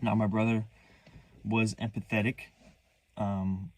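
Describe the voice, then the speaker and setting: A young man telling a painful personal story in a candid, halting way, restarting sentences, earnest and hurt. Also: fairly low pitch, level tone, slight background noise. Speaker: vlogger.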